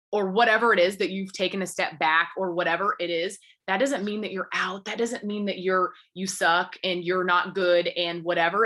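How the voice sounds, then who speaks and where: Earnest woman with a bright voice. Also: mid-range voice. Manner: earnest, encouraging, rambling with fillers. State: briefly tearful. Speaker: business coach. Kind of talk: motivational talk to her team.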